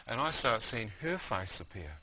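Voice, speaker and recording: New man, bright voice, vivid storyteller, faint hiss. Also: medium pitch, big pitch swings, normal speed, low-quality recording. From New Zealand. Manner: vivid, keeps saying "you know what I mean". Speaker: guest. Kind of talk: testimony storytelling.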